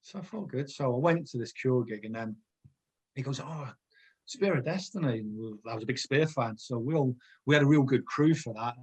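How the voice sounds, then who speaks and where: A man's voice: medium pitch, a little fast, husky. A middle-aged man, a former footballer, chatting as a podcast guest and telling long rambling anecdotes full of restarts. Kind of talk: casual podcast chat.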